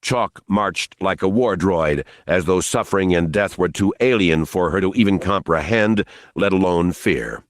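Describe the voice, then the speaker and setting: A man reading an unabridged novel aloud in a measured, even narration. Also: deep voice, no room sound, studio quality. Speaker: audiobook narrator. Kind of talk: scripted audiobook narration.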